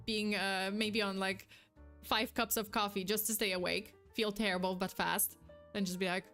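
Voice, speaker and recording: A young woman chatting casually on a live stream, reacting to chat with quick, giggly, animated replies. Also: medium pitch, faint music behind.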